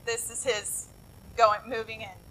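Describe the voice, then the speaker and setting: A woman's voice: a little high, little pitch movement, a little slow, fairly bright tone, rough recording. A woman pastor preaching a sermon, retelling a Bible story in a conversational way with asides to her listeners.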